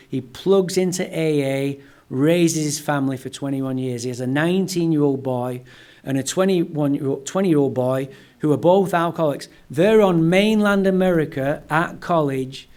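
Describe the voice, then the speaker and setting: A man telling his personal story as a guest speaker at a recovery meeting, animated and blunt, with some profanity. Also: on the high side. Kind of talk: personal storytelling talk to a live audience.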